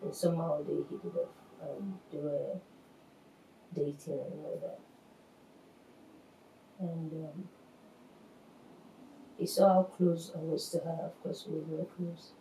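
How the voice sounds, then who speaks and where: Soft-voiced woman recounting a painful memory. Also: sits low, steady tone, a little hiss or hum. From Nigeria. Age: 40s. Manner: halting, hesitant storytelling. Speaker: reality show contestant. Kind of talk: emotional personal testimony. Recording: echoey room, faint ambience.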